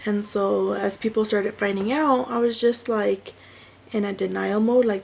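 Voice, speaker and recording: A woman's voice: mid-range voice, steady tone, moderate pace, vocal fry, slightly rough, poor audio. A woman in her thirties, a mother and vlogger, casually telling a personal story and correcting herself as she goes. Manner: chatty, self-correcting, rambling with fillers.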